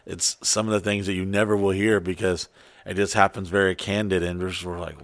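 A man co-hosting a casual podcast, telling loose stories with lots of swearing and putting on loud, high voices for the people he quotes. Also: flat delivery, a little fast, creaky, no echo. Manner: frequent swearing. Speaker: podcast co-host.

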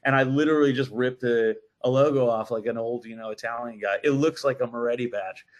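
A man telling a story as a podcast guest, animated and full of swearing. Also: medium pitch, a little fast, muffled recording. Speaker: brewery guest. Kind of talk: casual podcast chat.

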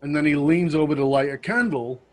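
Man, storyteller, slightly high, animated delivery. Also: fairly quick. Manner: animated, acts out quotes, laughs at himself. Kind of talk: casual storytelling.

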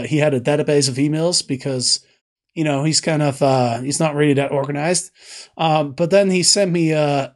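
A man hosting a live stream, reading viewer comments and talking casually with many fillers and restarts. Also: on the high side. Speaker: host.

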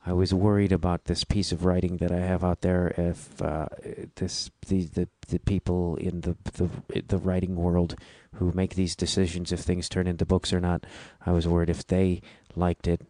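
A man with a Chicago accent hosting his own podcast, speaking in a halting, reflective way with frequent restarts. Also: sits low, flat delivery, warm tone. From Midwestern United States. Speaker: podcast host. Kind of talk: casual solo podcast intro.

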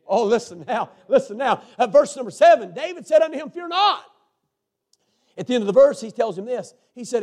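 A man preaching a sermon, swinging between hushed, intimate lines and fervent shouts. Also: very high voice, animated, fast.

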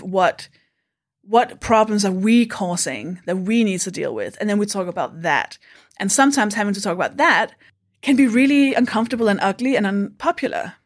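Frank, reflective Danish-born woman comedian. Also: mid-range voice. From Denmark. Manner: frank, reflective, casually swearing. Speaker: comedian guest. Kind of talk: candid podcast conversation.

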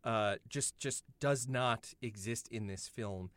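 A man's voice: mid-range voice, takes it slowly, fairly bright tone, dry recording. A man co-hosting a podcast, thoughtfully explaining ideas in a casual film discussion. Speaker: podcast co-host.

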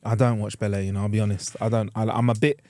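A man's voice: lowish voice, flat delivery, quick pace, a little mellow, dry recording. A young man, co-hosting a podcast with playful teasing banter and lots of slang. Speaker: podcast co-host. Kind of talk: casual banter.

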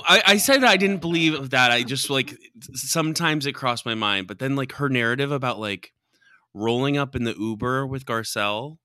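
Bright-voiced man with dry quips. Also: mid-range voice, moderate pace, dry recording. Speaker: podcast co-host. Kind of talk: casual chat recapping a reality show.

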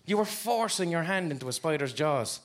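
A man's voice: fairly high pitch, lively intonation, fairly quick. A man hosting a podcast who asks curious, blunt questions and swears casually. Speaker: podcast host. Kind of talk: casual interview chat.

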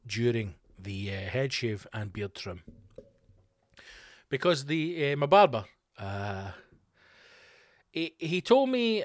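Rambling comedian, dry mic. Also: male voice, medium pitch, dry recording. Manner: rambling, animated, profane. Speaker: comedian and podcast host. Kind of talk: comic storytelling monologue.

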